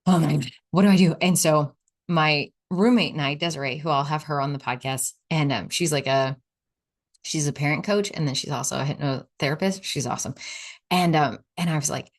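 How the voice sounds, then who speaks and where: A woman's voice: sits low, normal speed. A woman hosting a solo podcast, chatting in a casual, reflective way and often saying "like". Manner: chatty, lots of "like", acts out quoted inner voices. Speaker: podcast host.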